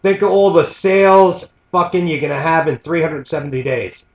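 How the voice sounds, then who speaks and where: An American man telling a story in a profane, animated rant, now and then mimicking the people in it. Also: on the high side, moderate pace. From United States. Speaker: vlogger. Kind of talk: ranting storytelling monologue. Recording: echoey, dull lo-fi sound.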